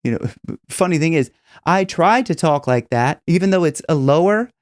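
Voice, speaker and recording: A man's voice: fairly high pitch, lively intonation, moderate pace, dry recording, clean studio sound. A man teaching singing in a casual, rambling way, with many restarts and demonstrations. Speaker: vocal coach.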